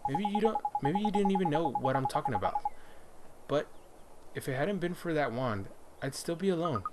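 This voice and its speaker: A man's voice: a little high, animated, moderate pace, heavy background noise, pitched above the performer's own voice, close to an everyday voice. A man doing an earnest young boy hero. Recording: loud game music behind.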